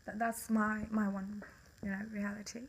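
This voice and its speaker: A woman's voice: medium pitch, level tone, normal speed, slightly rough, poor audio. A young woman with a Swedish accent, speaking English in a casual monologue to camera, passionate and blunt, swearing often and breaking into bitter laughs.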